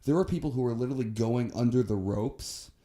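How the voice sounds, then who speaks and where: On a podcast, a young co-host vents in a brisk, mellow, dark voice of medium pitch. He curses freely, heated and profane, with the loose feel of casual banter between co-hosts.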